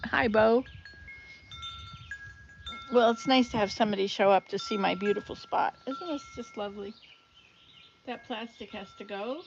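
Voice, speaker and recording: A woman's voice: medium pitch, normal speed, gravelly, pauses often, lo-fi sound, slight background noise. A woman vlogger chatting casually and rambling from her outdoor garden, recorded on a phone. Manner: chatty, rambling, self-chuckling. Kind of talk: casual live-stream chat. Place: outdoor garden with wind chimes.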